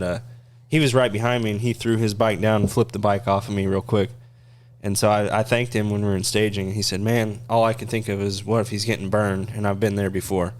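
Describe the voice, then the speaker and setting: A man on a podcast telling a story about a crash in a relaxed, casual way. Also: on the low side. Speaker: podcast co-host and racer. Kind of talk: casual chat.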